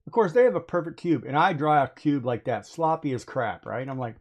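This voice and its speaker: A man chatting casually on a stream, retelling a story in a rambling, animated way. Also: mid-range voice, fast talker.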